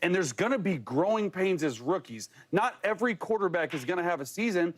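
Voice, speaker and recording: A man on a sports debate show, laying out his view in a measured, explanatory way. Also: high-pitched, animated.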